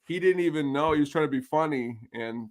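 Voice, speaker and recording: A man's voice: fairly high pitch, a little fast, a little hiss or hum. A middle-aged man, a podcast guest in casual chat, telling stories and acting out the people he quotes. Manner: animated storyteller who acts out the people he quotes.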